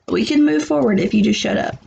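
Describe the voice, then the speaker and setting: A woman voicing an exasperated man who wants his partner to let him take the lead, in her own gravelly voice. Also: on the high side, fairly quick, mellow, slight background noise. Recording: muffled lo-fi recording.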